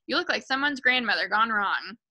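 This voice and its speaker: A woman's voice: a little high, lively intonation, fairly quick, pushed and bright, low-quality recording. A woman reading aloud, voicing a snobbish mother who shrieks and scolds her husband. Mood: shrieking. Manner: shrieking, scornful. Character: shrill scolding mother, snobbish and sharp-tongued.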